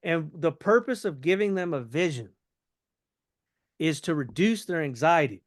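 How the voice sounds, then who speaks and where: Playing both roles in a mock sales conversation, a man shows someone how to phrase their pitch in a relaxed, conversational way. He's lively but unhurried, with a somewhat high voice. The sound is dry and close, without any room sound.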